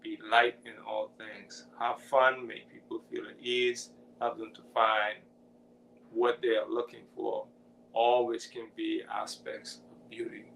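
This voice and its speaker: Gravelly, laid-back man with a chuckle. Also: medium pitch, measured pace, a little hiss or hum, low-quality recording. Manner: relaxed, laughs often, reads out chat comments. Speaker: co-host of a ministry talk. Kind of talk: casual spiritual discussion.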